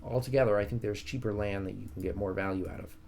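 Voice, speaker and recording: A man's voice: on the low side, fairly even intonation, fast talker, vocal fry, a little mellow, slight background noise. A young man casually commenting on his strategy game live stream, joking with his chat. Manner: chatty, jokey, talks to chat.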